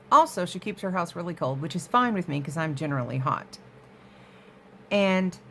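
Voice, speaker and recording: A woman's voice: low voice, a little hiss or hum. A woman hosting a crafting vlog from her home craft room, chatting casually to viewers and easily sidetracked. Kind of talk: casual show-and-tell chat.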